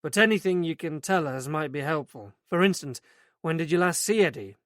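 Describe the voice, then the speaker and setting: A man voicing a measured police detective in an audiobook, asking plain questions in his own voice. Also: fairly high pitch, expressive, no room sound, studio quality, natural voice. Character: steady, probing male police detective. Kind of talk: audiobook character reading.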